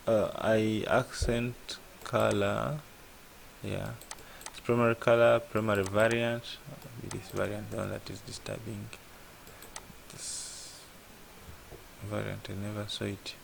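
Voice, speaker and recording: Here a man tutors app programming during an easygoing screen-share session, his lowish voice creaky and level at a measured pace, with slight background noise. He works through things aloud, asking "what?" and then answering it.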